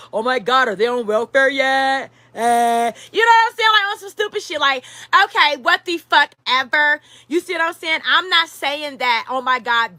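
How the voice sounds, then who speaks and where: Woman vlogger, high bright voice, cussing and cackling, dry close sound. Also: no echo. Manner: loud, profane, laughs often. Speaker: commentary vlogger. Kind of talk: casual profane commentary.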